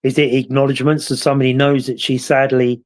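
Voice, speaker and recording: A man's voice: medium pitch, level tone, fast. A man with a British accent, hosting a casual chat and telling stories in a rambling, reflective way. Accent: British English. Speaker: host.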